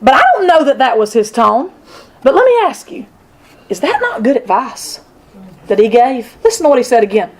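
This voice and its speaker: Woman, high voice, Sunday school teacher, animated conversational Bible lesson, class responding in the room. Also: normal speed. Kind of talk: women's Bible study lesson. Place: church classroom with a group.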